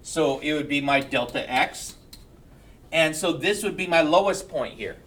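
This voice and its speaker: A man's voice: a little high, measured pace, a bit bright, recorded from a distance. A male math teacher giving a classroom lecture, checking in with his students and joking between steps. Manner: keeps checking in with "right?", joking asides.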